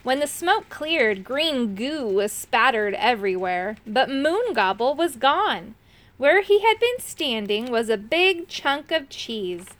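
A woman reading a children's chapter book aloud with expressive, dramatic delivery. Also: sits high, takes it slowly. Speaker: narrator.

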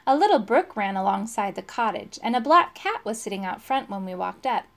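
A woman reading a children's chapter book aloud, telling the story in a lively, expressive way. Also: mid-range voice, brisk, creaky. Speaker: storybook reader.

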